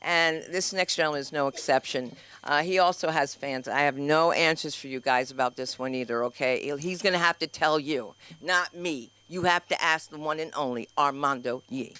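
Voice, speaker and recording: A woman's voice: deep voice, moderate pace, hardly any pauses, fairly bright tone, clean tone. A woman emceeing an open mic at her small comedy club, chatty and upbeat with self-mocking asides.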